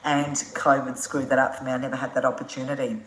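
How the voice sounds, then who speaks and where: Frank, chatty Australian woman on a live stream, very deep voice, roomy echo. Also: flat delivery, fast. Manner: frank and chatty, swears freely, laughs often. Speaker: adventure motorcycle traveller answering viewer questions. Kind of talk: casual live-stream chat.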